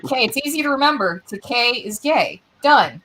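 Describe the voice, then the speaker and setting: A woman's voice: a little high, expressive, brisk, sharp tone, slight background noise, poor audio. A woman speaking animatedly in a casual group chat, laughing as she talks.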